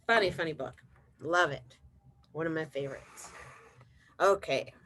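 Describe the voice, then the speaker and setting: A woman's voice: low voice, measured pace. A young preschool teacher leads virtual circle time from home. She talks right to little kids in an encouraging way. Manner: bright, encouraging, talks straight to small children.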